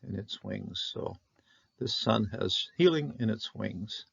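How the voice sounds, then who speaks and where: A man who grew up in Canada, teaching Hebrew Bible words in an informal lesson, halting with many fillers and sounding out the Hebrew slowly. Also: fairly low pitch, lively intonation, vocal fry, breathy edge, highs cut off.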